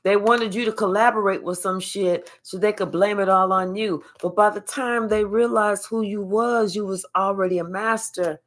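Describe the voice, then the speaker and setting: Foul-mouthed woman giving a spiritual reading. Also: mid-range voice. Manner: profane, animated, drawn-out emphatic phrases. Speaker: tarot reader. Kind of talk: casual spiritual reading to camera.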